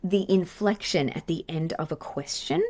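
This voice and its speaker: A woman's voice: on the low side, normal speed, dark tone. An Australian woman, a play therapist, hosting her podcast and teaching in a chatty, self-deprecating way with many fillers and restarts. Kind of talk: casual teaching monologue.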